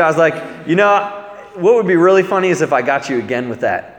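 A man preaching, telling a lively story about pranking a friend and acting out both sides of the calls. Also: on the high side, fairly quick. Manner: animated, laughing storyteller acting out a phone prank. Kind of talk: sermon storytelling. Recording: echoey hall with a crowd.

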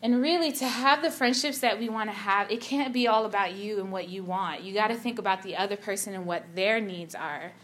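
Animated young woman giving a casual sermon. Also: medium pitch, a little fast, hardly any pauses. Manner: animated storytelling, filler-heavy, acts out quotes. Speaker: youth speaker. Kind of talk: casual sermon with personal story.

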